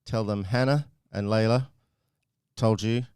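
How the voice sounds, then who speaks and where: A woman's voice: rumbling low, fairly even intonation, unhurried, darkish tone, clear, resonant tone, no room sound, clean studio sound. A woman, hosting a podcast and chatting playfully with children, laughing often. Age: 40s. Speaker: podcast host. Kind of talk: casual chat with children.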